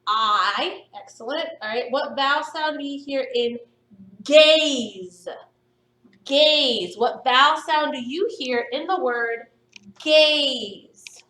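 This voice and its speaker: Slow, bright-voiced woman teaching phonics. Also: high-pitched, distant mic. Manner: slow, stretched-out sounding of words for young pupils; encouraging, upbeat praise. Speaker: primary school teacher. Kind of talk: recorded phonics lesson. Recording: echoey room, voice somewhat off-mic.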